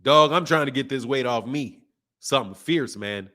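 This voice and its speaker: A man's voice: mid-range voice, moderate pace, sharp tone. A man in his fifties hosting a boxing channel, talking in loose slangy live-stream chat and laughing often. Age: 50s.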